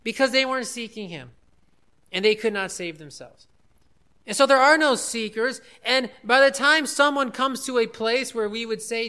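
A man pastor preaching a sermon, earnest and emphatic, slowing down to stress key points. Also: extremely high pitch, bright, forceful tone, smooth.

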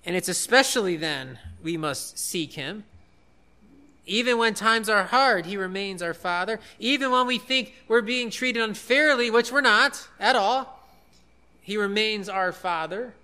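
High, bright-voiced male preacher. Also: animated, measured pace. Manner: earnest, repeats key phrases for emphasis. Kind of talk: sermon.

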